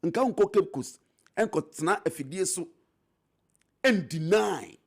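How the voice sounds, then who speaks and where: A middle-aged Ghanaian man talks politics on a talk show, his husky voice leaping up and down in pitch. He is emphatic and repetitive, drawing out the words he wants to land. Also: lively intonation, a little slow. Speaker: politician guest, former MP. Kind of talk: animated political talk show debate, mixing English and Twi.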